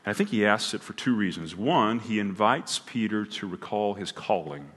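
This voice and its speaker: A man's voice: on the low side, lively intonation, moderate pace, hardly any pauses, fairly bright tone, slightly rough, long reverb tail. A man preaching a sermon in a church, earnest and building to emphatic peaks, often restarting his words. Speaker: pastor. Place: church sanctuary.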